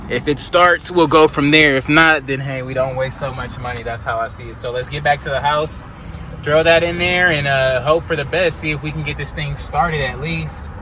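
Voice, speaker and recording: A man filming a casual vlog outdoors on a phone camera, talking loosely with lots of slang and fillers. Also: mid-range voice. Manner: laid-back slangy talk, loose fillers. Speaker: car flipping vlogger. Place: outdoors at car lots and roadside. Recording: outdoor phone audio with street noise. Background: traffic and street noise.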